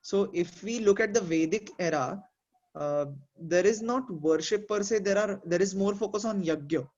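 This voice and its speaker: A man's voice: sits high, normal speed, a little mellow, lo-fi sound. A man in a casual group discussion, explaining his ideas thoughtfully with examples and many fillers. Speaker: discussion participant.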